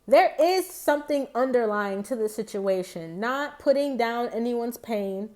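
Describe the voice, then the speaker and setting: Woman tarot reader, higher voice, rambling and chatty, talks straight to her viewers. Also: lively intonation, measured pace, a little mellow. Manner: chatty, rambling, many fillers and restarts. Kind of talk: casual tarot reading vlog.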